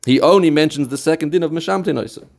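A man's voice: fairly high pitch, fast talker, gravelly, background noise. A man teaching a Talmudic text, explaining it step by step and quoting passages in a study chant. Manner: mixes English with Yiddish and Hebrew terms. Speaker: Torah teacher.

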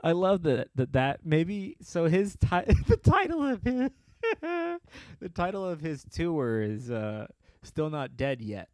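Lively, laughing male comedy podcaster. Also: fairly high pitch, slow pace, no room sound. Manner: rambling, profane, laughs often. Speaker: podcast host. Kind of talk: comedic storytelling chat.

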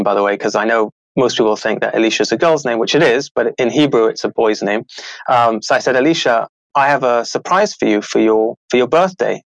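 A middle-aged man, an author and show host, telling a story in a casual, animated way and acting out the people he quotes. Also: mid-range voice, gravelly, dry recording, low-quality recording. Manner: animated, acts out quoted voices, laughs often.

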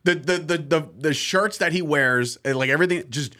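A young man co-hosting a casual sports chat, excitable, laughing often and acting out quotes. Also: a little high, moderate pace. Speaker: podcast co-host.

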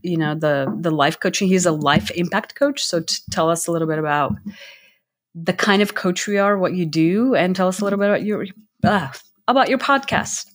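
Female podcast host, lowish voice, halting chatty delivery. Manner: hesitant, restarts often. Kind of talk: casual podcast interview.

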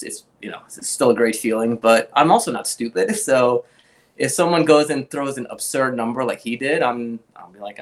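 A young adult man, a guest on an interview show, telling casual stories about collecting comic art and acting out the voices of people he quotes. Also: mid-range voice. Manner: animated anecdotes, acts out quoted voices.

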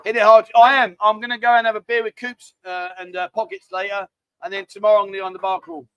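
A man's voice: high voice, little pitch movement, fast talker, clear, resonant tone, no room sound, highs cut off. A middle-aged man with a London accent hosting a live stream, chatty, jokey and rambling. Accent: London English. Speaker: livestream host. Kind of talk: casual chat.

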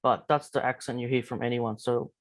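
Flat-voiced Australian man explaining. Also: medium pitch, fairly quick, no room sound. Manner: matter-of-fact, explaining. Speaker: podcast co-host. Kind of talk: casual interview chat.

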